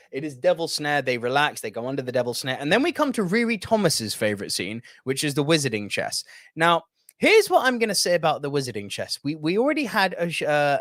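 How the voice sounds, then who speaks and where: A man's voice: mid-range voice, a bit bright, dry recording, clean studio sound. A man hosting a casual movie review video, chatty and reading out viewer comments.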